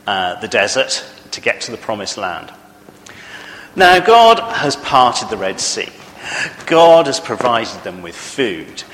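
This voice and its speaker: A man's voice: on the low side, a bit bright, big-room sound, slight background noise. A man preaching a sermon in a church, earnest and conversational, often asking the congregation questions.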